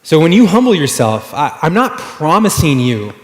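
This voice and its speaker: A male pastor delivers a sermon in a relaxed, chatty storytelling manner, his voice sitting a little high for a man. The sound carries a long reverb from a roomy church hall. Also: normal speed. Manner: conversational, animated storytelling with fillers. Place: church sanctuary.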